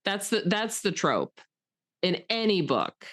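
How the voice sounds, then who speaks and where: A woman's voice: mid-range voice, big pitch swings, takes it slowly, a bit bright. A woman co-hosting a casual podcast chat, rambling with many fillers and getting emotional about what she discusses. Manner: chatty, rambling, lots of "like" fillers; gets emotional and enthusiastic. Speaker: podcast co-host.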